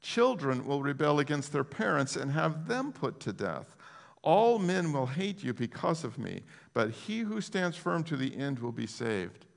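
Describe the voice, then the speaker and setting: A pastor delivers a sermon in a loose, conversational way. He is animated and often restarts his sentences, and his voice rings out in a church sanctuary with a long, lingering echo. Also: fairly high pitch, measured pace, vocal fry.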